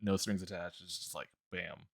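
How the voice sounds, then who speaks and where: A man's voice: sits low, steady tone, moderate pace, gravelly, no echo, clean studio sound. A man streaming while drawing, chatting casually about a tabletop game character, rambling with lots of fillers, restarts and laughs.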